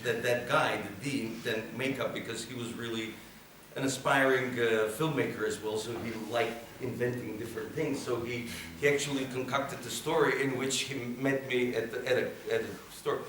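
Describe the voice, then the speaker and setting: A man's voice: mid-range voice, steady tone, moderate pace, few pauses, a bit bright, a little hiss or hum. A man, a film teacher, answering earnestly at a screening Q&A and correcting himself as he goes. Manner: earnest, self-correcting, laughs easily. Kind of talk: public Q&A after a screening. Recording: echoey hall, mic from far off.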